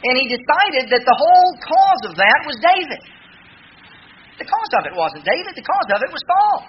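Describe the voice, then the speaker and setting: A man's voice: very high-pitched, very animated, normal speed, muffled recording, a little hiss or hum. A man preaching a sermon, retelling scripture in a casual, conversational paraphrase.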